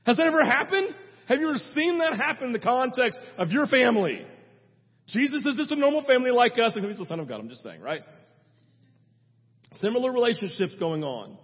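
A man preaching a sermon as pastor, in a conversational, animated way, often checking in with the congregation with a quick rhetorical aside. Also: very high voice, breathy edge. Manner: conversational, animated, tags lines with "right?". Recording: dull sermon recording in a reverberant hall.

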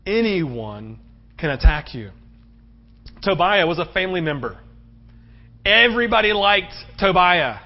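Preaching at a measured pace with long pauses, a male pastor with a fairly high voice surges emphatically up to loud, high-pitched peaks. He narrates with animation and often adds "right?" as an aside. It's a sermon captured on a muffled, dull, lo-fi recording.

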